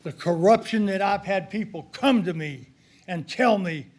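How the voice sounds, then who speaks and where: A man's voice: high-pitched, normal speed. An older man giving a heated, accusatory public comment at a county commissioners' meeting.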